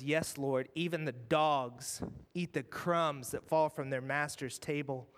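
A man preaching a sermon as pastor, earnest, moving between raised passages and hushed ones. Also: on the high side, fairly even intonation, slow, in a large hall. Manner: earnest, dramatic shifts between loud and hushed. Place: church.

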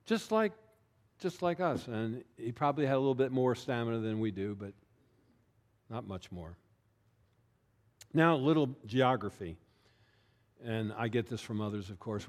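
This pastor delivers his sermon conversationally, frequently checking in with the congregation and slowing down to emphasize key words. His voice sits at a medium pitch with a somewhat dark tone.

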